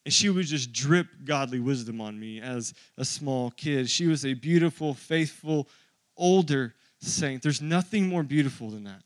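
A man's voice: mid-range voice, moderate pace, no room sound. A man in his thirties preaching a sermon to his church, conversational and joking with the congregation. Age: 30s. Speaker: pastor.

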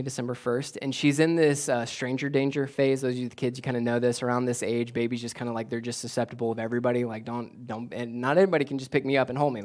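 A man with a mid-range voice preaches a sermon from the pulpit as a pastor. He repeats his key lines for emphasis and restarts his sentences as he goes. On the points he presses hardest, his voice climbs higher and louder.

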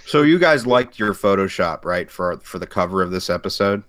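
A man's voice: deep voice, animated, fairly quick, fairly bright tone. A man hosting a podcast in a casual chat, joking with his guests and laughing often. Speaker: podcast host.

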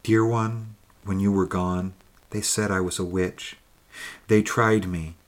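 A man reading the lines of a young woman's ghost, once burned as a witch, in a soft, intimate, pleading way. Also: sits low, steady tone, takes it slowly. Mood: sorrowful.

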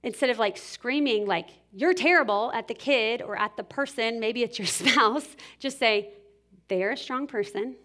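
A woman in her thirties giving a casual, animated sermon-style talk on parenting, full of "like" and acted-out parent lines. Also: fairly high pitch, moderate pace. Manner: casual, animated, many "like"s, acts out scolding parent voices. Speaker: speaker at a church parenting talk.

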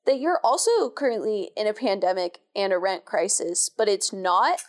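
A woman co-hosts a podcast, chatting casually and telling stories in an animated way. Her voice sits at a medium pitch, and she talks at a moderate pace.

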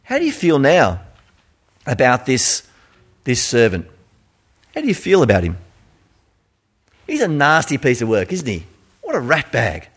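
A man with an Australian accent preaching a sermon in an animated, conversational storytelling manner. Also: medium pitch, unhurried, long pauses, breathy edge.

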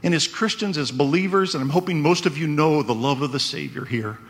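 A man's voice: on the high side, a little fast. A man preaching a conversational sermon, often checking in with "right?". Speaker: pastor.

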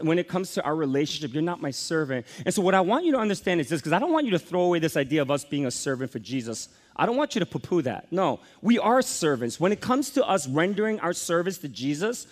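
A man in his forties preaching a sermon as a pastor. His delivery is emphatic, dropping to soft lows and then climbing to energetic peaks.

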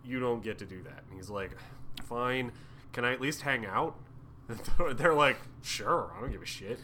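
A man's voice: mid-range voice, normal speed, bright, forceful tone, slight background noise. A man co-hosting a podcast who retells a comic in casual chat, jokingly acting out the characters' lines with crude humor. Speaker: podcast co-host.

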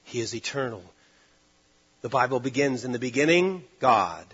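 Male preacher, sermon, emphatic, husky, muffled recording. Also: animated, normal speed. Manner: emphatic, swinging between loud stresses and hushed low lines.

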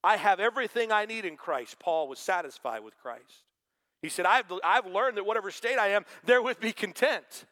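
A man's voice: high-pitched, expressive, normal speed, pushed and bright. A man preaching a sermon to a congregation, talking in a conversational way and quoting scripture. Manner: conversational preaching with quoted asides. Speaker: pastor.

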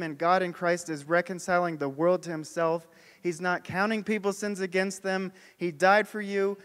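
A man preaching a sermon emphatically, swelling and dropping his voice and slowing on key words. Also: on the high side, in a large hall. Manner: emphatic, with swings in loudness and slowed key words.

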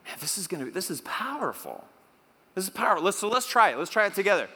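A male pastor preaching a sermon in a playful, animated way, leading the congregation in repeat-after-me phrases. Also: high voice, fast, husky. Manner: animated, playful, leads call-and-response with the congregation. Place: church hall. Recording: long hall reverb.

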